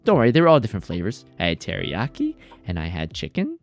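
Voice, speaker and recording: A man's voice: lowish voice, wildly swooping pitch, fast, faint music behind. A man streaming a game, chatting casually in a rambling, jokey way and reacting to chat.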